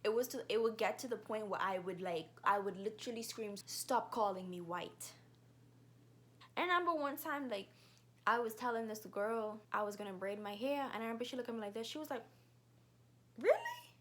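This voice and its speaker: A young woman in her twenties with a Bahamian accent, telling stories quickly and animatedly in a casual vlog. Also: on the high side. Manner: fast-talking, animated storyteller.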